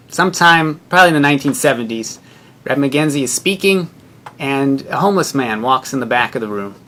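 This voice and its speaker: A man's voice: mid-range voice, sharp tone. Earnest young man telling a story. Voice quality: earnest, measured, reflective. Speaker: rabbinical student. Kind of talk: personal storytelling.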